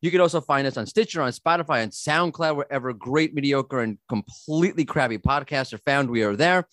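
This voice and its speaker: A man's voice: medium pitch, a little fast, fairly bright tone, dry recording, clean studio sound. A man from Brooklyn hosting a podcast, chatting casually with jokes about himself and rambling restarts. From Brooklyn, USA. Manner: joking, self-mocking, rambling with restarts. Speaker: podcast host.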